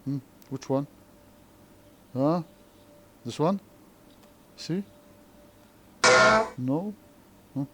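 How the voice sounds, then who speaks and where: A man with an Arabic accent teaching an English lesson, speaking slowly and checking understanding with repeated questions. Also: on the high side, very noisy. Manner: slow, repetitive, frequent questioning tags. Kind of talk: classroom lesson explanation.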